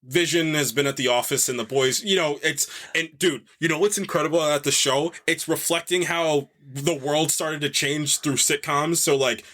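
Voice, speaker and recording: A man co-hosting a podcast, eagerly discussing a TV series and breaking in with quick affirmations. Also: fairly high pitch, steady tone, fairly bright tone. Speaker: podcast co-host. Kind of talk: casual chat discussing a TV series.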